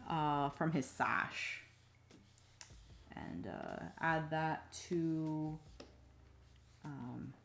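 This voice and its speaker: A woman chatting casually on a live stream while she draws, rambling to herself with many fillers and soft muttered asides. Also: low voice, steady tone, drawn-out words, gravelly, pauses often. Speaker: streaming digital artist.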